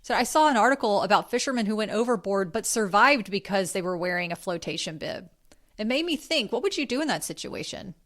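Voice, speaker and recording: A woman's voice: medium pitch, animated, fairly quick, fairly bright tone. A woman hosting a podcast, talking in an earnest, chatty way with friendly asides. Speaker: podcast host. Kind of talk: casual podcast talk.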